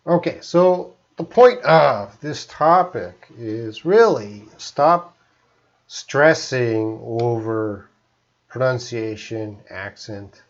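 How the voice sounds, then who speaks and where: A man from Canada teaching English on a live stream, speaking slowly and deliberately and often checking that listeners follow. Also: medium pitch, lively intonation, muffled recording. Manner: slow, deliberate teacher talk with frequent check-ins.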